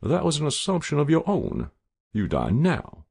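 A man's voice: a little high, huge pitch swings, moderate pace, vocal fry, a little mellow, breathy edge, no echo, studio quality, pitched above the performer's own voice, heavily acted. A man voicing a cold, impassive army general who gives curt orders in an audiobook reading.

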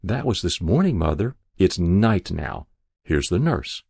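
A man reading the lines of an anxious grown daughter who coaxes her dying mother gently. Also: sits low, big pitch swings, measured pace, gravelly, slightly rough, full character voice. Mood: coaxing. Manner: gentle, coaxing.

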